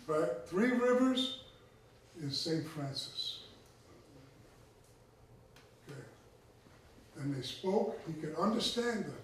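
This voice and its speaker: A man with a slightly high voice, speaking as a tribal chief, gives a conversational lecture and keeps checking in with his listeners. The mic sits far off in an echoey room, with slight background noise.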